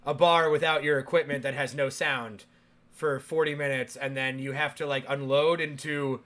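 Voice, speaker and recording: A man's voice: mid-range voice, flat delivery, fairly bright tone. A man hosting an interview show, chatting casually and laughing often. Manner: laughs often, quick and playful. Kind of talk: casual chat over a video call.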